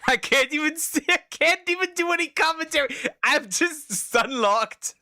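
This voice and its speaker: A man streaming, reacting to clips with exasperated, swearing commentary that bursts into laughs and shouts. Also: extremely high pitch, unhurried, dry recording, clean studio sound.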